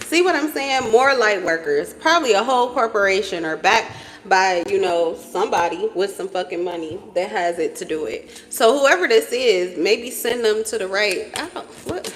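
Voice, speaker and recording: A woman giving a casual tarot reading to camera, blunt and profane, breaking into sudden high exclamations. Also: background noise. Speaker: tarot reader. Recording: reverberant room.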